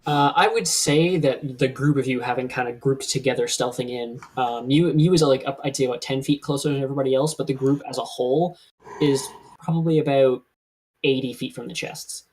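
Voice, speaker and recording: A man running a live-streamed tabletop game as game master, who describes the scene slowly and at length. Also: mid-range voice, darkish tone, a little hiss or hum, poor audio.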